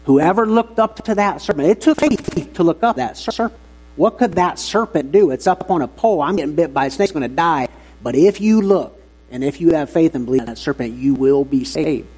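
Husky-voiced man preaching a sermon. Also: a little high, expressive, fairly quick, a little mellow, low-quality recording. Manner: earnest, emphatic preaching to the congregation.

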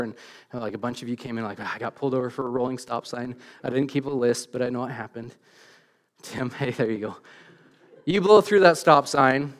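A middle-aged man preaching a sermon in church, telling stories with animated, self-deprecating humor and frequent restarts. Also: medium pitch. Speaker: pastor.

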